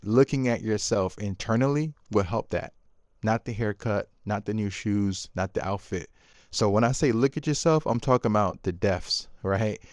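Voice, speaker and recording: A dad coach and video host tells a candid, confessional story about his son, casual and full of fillers, quoting himself with bursts of louder emphasis. His voice sits on the low side at normal speed. The sound is studio quality with no room sound.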